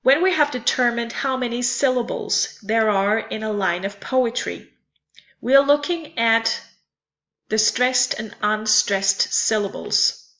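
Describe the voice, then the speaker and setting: A woman's voice: a little high, animated, measured pace, fairly bright tone, dull audio. A woman teaching a lesson in a careful, explanatory way, repeating and spelling out terms. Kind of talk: slow explanatory lecture.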